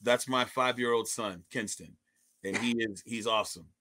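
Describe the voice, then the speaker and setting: In this casual interview, a young male stand-up comedian talks as the guest in a lowish voice at normal speed. His delivery is loose and lively, with frequent restarts and repeated words at the start of sentences.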